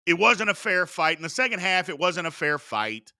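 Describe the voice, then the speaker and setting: A man's voice: high voice, sing-song, moderate pace, pushed and bright, no echo, clean studio sound. A man hosting a sports talk show, ranting bluntly and emphatically, repeating his points for force. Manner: emphatic, repetitive, blunt and fired up. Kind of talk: opinionated sports talk rant.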